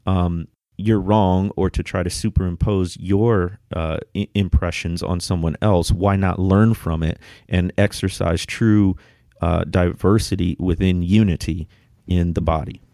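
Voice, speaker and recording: A man co-hosting a podcast, discussing theology in a measured, articulate and emphatic way. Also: low-pitched, fairly even intonation, vocal fry, dark tone, dry recording, studio quality. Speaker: podcast co-host.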